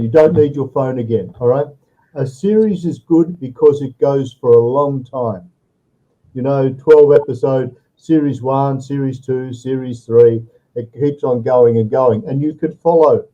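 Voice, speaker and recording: A mid-range male voice comes through narrow, tinny audio as an online English tutor coaches a student over video. He explains things step by step and regularly checks in with "all right."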